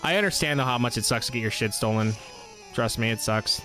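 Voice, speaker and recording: A young man chats casually while streaming a game, rambling through a profane story at an ordinary pitch. Soft game music plays faintly behind him. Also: brisk. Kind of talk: casual live-stream chat over gameplay.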